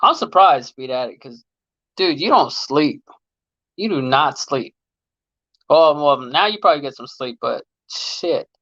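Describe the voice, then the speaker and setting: A laid-back man in his late thirties chats with his livestream viewers in easygoing slang, his voice sitting a little high for a man. He laughs often. The phone mic gives a dull, dry, close sound. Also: animated, a little slow, pushed and bright, no room sound. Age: late 30s. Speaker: livestream host and mechanic. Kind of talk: casual livestream chat reading viewer comments.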